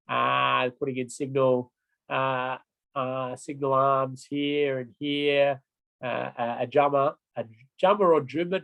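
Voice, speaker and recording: A man's voice: medium pitch, fairly bright tone, rough recording. A middle-aged man giving an online road safety training lecture, chatty, often checking in with "right?" and "okay?".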